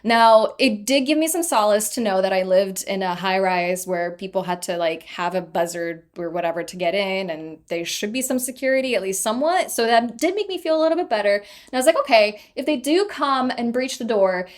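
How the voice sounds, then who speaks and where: A young adult woman telling a personal story in a casual vlog, chatty and animated, often laughing at herself. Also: mid-range voice, fairly quick, hardly any pauses. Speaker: vlogger.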